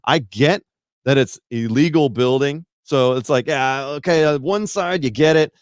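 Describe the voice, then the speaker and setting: A man's voice: medium pitch, moderate pace, no room sound, studio quality. A man, a podcast guest, chatting casually in a rambling, self-deprecating way that hedges a lot. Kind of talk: casual chat.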